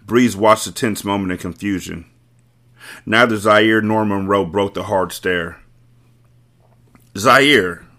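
A man's voice: fairly low pitch, fairly even intonation, unhurried, a bit bright. A man hosting a book club podcast, reading a novel aloud and breaking in with wry, joking asides. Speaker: host, book reader. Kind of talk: audiobook-style reading with commentary.

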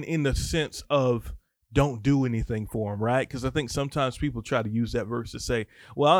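A man's voice: mid-range voice, dry recording. Guy preaching, reads verses then riffs casual and slangy, dry close sound. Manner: conversational, slangy asides, frequent restarts. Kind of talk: casual teaching sermon with scripture reading.

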